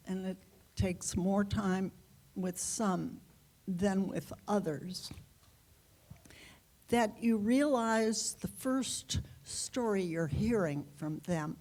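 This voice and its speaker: A woman being interviewed as a guest author, answering in an unhurried, reflective way with pauses and fillers. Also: medium pitch, darkish tone. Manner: unhurried, reflective, halting with fillers and light laughs.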